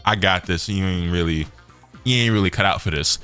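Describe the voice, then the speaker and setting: A man's voice: low-pitched, a little fast, pushed and bright, clean tone, soft background music. A man voicing a cheerful, cocky young male cartoon hero who talks in breezy slang.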